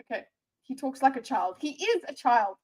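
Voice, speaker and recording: A woman's voice: high-pitched, sing-song, normal speed, darkish tone, low-quality recording. A woman in her thirties, a streamer giving sarcastic, teasing live reaction commentary. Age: 30s.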